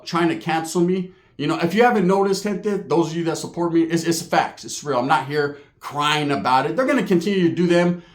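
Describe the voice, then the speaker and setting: Streetwise man in an echoey room. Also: fairly high pitch. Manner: streetwise, profane, sprinkles Spanish words. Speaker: YouTube vlogger. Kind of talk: casual talk to camera.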